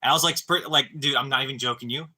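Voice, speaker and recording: Bright-voiced young man rambling on stream. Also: medium pitch, fairly even intonation, rapid-fire, husky. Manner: rambling, profane, full of dude and bro; stammering restarts. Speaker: live streamer. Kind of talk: casual live-stream storytelling.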